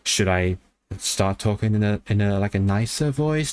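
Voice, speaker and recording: Guy rambling on his language stream, lowish voice, gets excited fast, lots of ums. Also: clean tone, dry recording. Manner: chatty and excitable, quick bursts of enthusiasm; thinks aloud with many fillers and restarts. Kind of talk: casual livestream chat.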